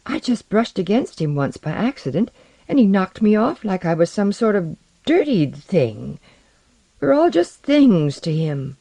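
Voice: medium pitch, huge pitch swings, normal speed, few pauses, darkish tone, no echo. A narrator voicing a sensitive young alien woman in an audiobook, shaky and easily brought to tears. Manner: shaky, tearful.

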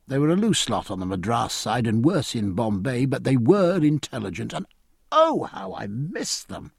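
A man's voice: mid-range voice, sing-song, normal speed, vocal fry, breathy edge, dry recording, heavily acted. A man reading an audiobook, voicing a spirited, outspoken young woman who is scornful and impassioned. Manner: scornful, impassioned, sharp-tongued. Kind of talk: audiobook character voice.

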